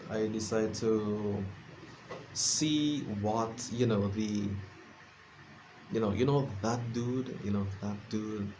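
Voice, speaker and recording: A man's voice: on the low side, background noise. A sleepy man rambling casually in a late-night vlog, self-deprecating and full of fillers and restarts. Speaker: vlogger. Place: his room at home.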